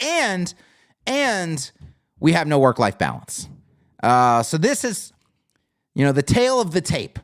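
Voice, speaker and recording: A man's voice: fairly high pitch, dry recording, clean studio sound. A man from the United States hosting a live business stream, talking casually and reading the chat, with many fillers and repeated phrases. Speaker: livestream host.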